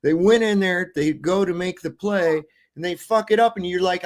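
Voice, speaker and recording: A man's voice: high-pitched, moderate pace, hardly any pauses. A man in casual online chat, blunt and exasperated as he complains.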